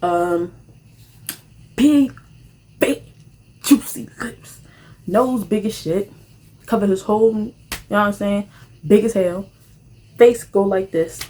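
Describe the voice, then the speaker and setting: A young woman, casually telling a rambling storytime while eating, animated and full of slang, jumping to high squeals when excited. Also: takes it slowly, pauses often. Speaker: vlogger.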